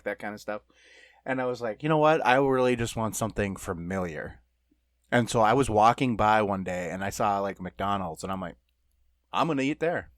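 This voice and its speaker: A man's voice: medium pitch, a bit bright, no echo, studio quality. A middle-aged man co-hosting a podcast, telling stories in a loose, rambling way with lots of fillers and laughs. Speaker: podcast co-host. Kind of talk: casual podcast chat.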